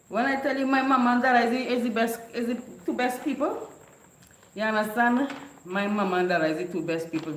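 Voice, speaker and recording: A woman, chatting casually and telling lively stories with frequent laughter. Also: medium pitch. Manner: lively, laughing often, animated storytelling. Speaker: vlogger. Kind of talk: casual storytelling chat. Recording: echoey room.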